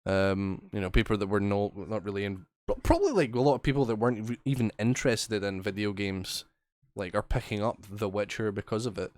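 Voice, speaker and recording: A man's voice: fairly low pitch, steady tone, fairly quick, darkish tone, no room sound. Scottish guy on a podcast, swears a lot, jokey, dry close sound. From Scotland. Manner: sweary, jokey, reads news stories aloud. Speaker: podcast co-host. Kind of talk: casual chat.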